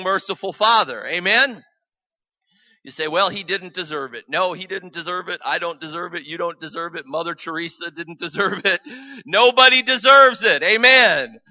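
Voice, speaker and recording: Male preacher, very bright and forceful tone, dry dull lo-fi sound, chatty testimony-style sermon with amens. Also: medium pitch, dry recording. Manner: conversational, calls for amens.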